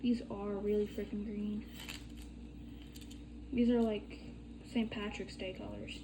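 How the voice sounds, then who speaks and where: A woman's voice: medium pitch, flat delivery, slow pace, noisy background. A young woman chatting casually while demonstrating a bead craft, rambling and swearing freely. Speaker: crafting tutorial vlogger.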